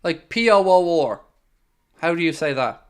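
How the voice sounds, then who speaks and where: Excitable Irish man reacting to football. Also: fairly high pitch, a little slow, smooth. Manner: excitable, jumps into play-by-play shouts. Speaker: watchalong host. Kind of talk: live match reaction commentary.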